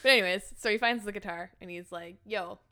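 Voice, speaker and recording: A woman's voice: mid-range voice, fast, sharp tone, smooth. A woman co-hosting a podcast, animatedly retelling a movie in casual chat and acting out the characters' lines. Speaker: podcast co-host.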